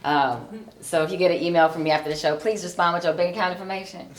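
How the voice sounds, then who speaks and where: A woman's voice: fairly low pitch, steady tone, quick pace. Forty-something woman comic from Chicago. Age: 40s. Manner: chatty, filler-heavy, self-mocking. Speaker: stand-up comedian. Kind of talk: stand-up comedy. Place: comedy club on stage. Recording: echoey club room.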